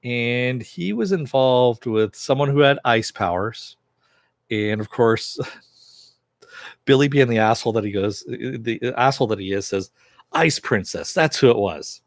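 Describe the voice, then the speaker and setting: A man's voice: medium pitch, a little slow, no echo, clean studio sound. A man giving a casual, chatty recap of a TV episode, with lots of fillers and chuckles as he retells scenes. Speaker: TV series reviewer.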